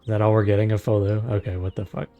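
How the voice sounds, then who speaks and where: A man's voice: on the low side, flat delivery, fast talker, narrow, tinny audio, soft background music. A man casually chatting and joking while streaming a game. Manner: offhand, joking, swears. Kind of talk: casual gaming stream chat.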